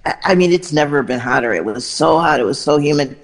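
A woman reporting entertainment news, telling lively, animated anecdotes and quoting people along the way. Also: deep voice, fast talker. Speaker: entertainment correspondent. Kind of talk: news segment storytelling.

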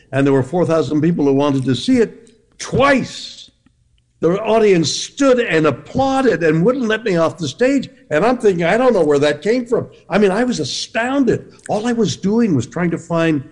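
A man speaks animatedly as an actor guest in a radio interview. His voice sits fairly high and rises and falls a lot, and he often breaks off and restarts his sentences. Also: a little mellow.

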